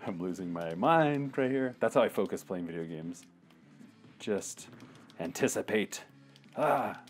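This man speaks low and animated, a little slowly, with long pauses, while soft music plays. Playing a retro game, he keeps up casual let's-play chatter, cursing, joking to himself, and mocking the enemies.

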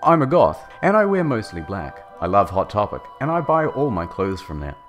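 A man's voice: on the low side, sing-song, normal speed, faint music behind. A man narrating a comedic dramatic reading, mock-dramatic with sardonic asides.

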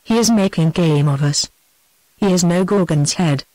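A synthetic British English woman's voice reading the demanding shouts of a fierce, jeering crowd of townsfolk. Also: fairly low pitch, normal speed, no room sound, poor audio. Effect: synthetic text-to-speech voice.

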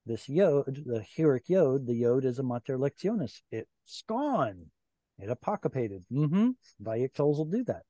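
A man's voice: mid-range voice, sing-song, a little slow, warm tone, no echo. Patient man teaching on a video call. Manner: patient, explanatory, quizzing students. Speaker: Hebrew teacher. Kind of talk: online class teaching.

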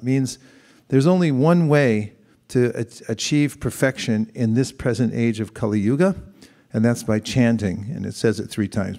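A man's voice: medium pitch, normal speed, gravelly, a little mellow. A man giving a spiritual talk to a live audience, conversational, asking the listeners questions and acting out examples.

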